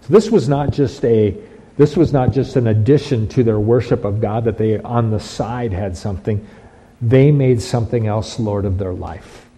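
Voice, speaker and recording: Husky-voiced male pastor preaching. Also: fairly low pitch, moderate pace, mellow, rough recording. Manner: emphatic preaching with frequent restarts and repeated phrases. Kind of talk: sermon.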